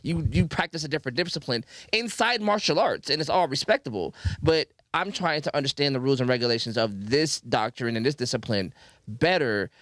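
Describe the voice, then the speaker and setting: A man's voice: medium pitch, lively intonation, brisk, fairly bright tone, dry recording. Man, podcast host, casual chat, stammering restarts, dry close sound. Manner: stammering restarts, laughs easily. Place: podcast studio.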